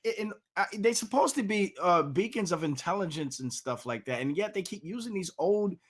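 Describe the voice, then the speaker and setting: A man's voice: high-pitched, expressive, brisk. A man in a casual voice chat who talks eagerly and agrees often. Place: online voice chat.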